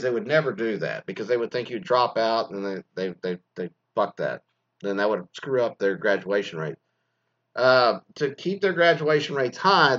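A man's voice: medium pitch, fairly bright tone. Crude ranting middle-aged man from Texas. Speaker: former teacher. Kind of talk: profane monologue. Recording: slightly dull lo-fi sound.

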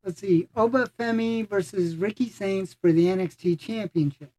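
A mid-pitched adult voice in a relaxed conversation. The speaker talks in a measured, thoughtful way and sometimes hesitates. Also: poor audio. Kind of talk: casual chat about wrestling.

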